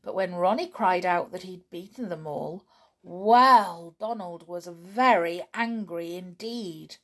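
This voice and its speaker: A woman reading a children's story aloud, in an expressive, unhurried way. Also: fairly low pitch.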